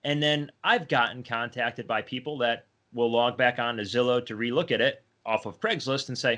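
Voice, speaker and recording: Bright-voiced man chatting casually. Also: mid-range voice, normal speed, few pauses. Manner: conversational, rambles a little with restarts. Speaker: podcast co-host, landlord. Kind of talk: casual podcast chat.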